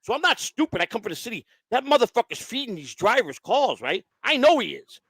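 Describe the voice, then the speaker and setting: A man rambles through a loose, profane chat, tripping over his own restarts. His voice sits a bit high and swings up and down a lot. The sound is dry and close. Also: sing-song, fairly quick, fairly bright tone, slightly rough, dry recording. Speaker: show host. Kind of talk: casual chat.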